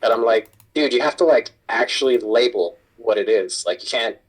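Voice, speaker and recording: A man's voice: mid-range voice, moderate pace, slightly rough, low-quality recording. A man, a kitchen supervisor, telling a work story in casual chat and swearing a lot. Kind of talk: casual chat while gaming.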